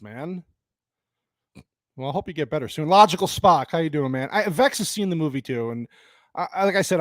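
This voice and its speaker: Angry sweary guy ranting live about a movie, kinda high voice, rambly, dry close sound. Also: no echo. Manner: angry, profane, rambling with restarts; reads and answers chat viewers. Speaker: live stream host. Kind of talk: live-streamed movie rant.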